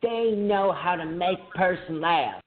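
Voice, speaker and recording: A man voicing a cranky old grandmother with dentures, shouting her opinions over a tinny phone-like line. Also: fairly low pitch, expressive, measured pace, pitched above the performer's own voice. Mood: insistent. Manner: shouting, insistent.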